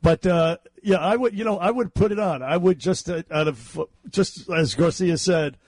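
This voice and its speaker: A man co-hosting talk radio, speaking haltingly with frequent hesitations and chiming in agreement. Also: high voice, a little mellow, no room sound. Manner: hesitant, many fillers and restarts, agreeable. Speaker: radio talk show co-host. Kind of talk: casual talk radio banter.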